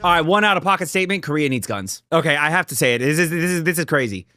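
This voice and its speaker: A man's voice: expressive, racing, dry recording, clean studio sound. A young man reacting to a drama series, talking casually with heavy swearing and heated outbursts. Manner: profane, heated and emphatic, swings between loud outbursts and low muttering. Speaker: reaction video creator.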